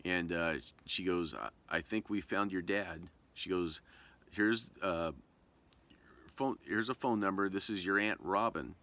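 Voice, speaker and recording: A man's voice: sits low, unhurried, pushed and bright. A man from Southern Oregon telling a personal story to camera in a casual, rambling way, full of fillers and restarts. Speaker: vlogger.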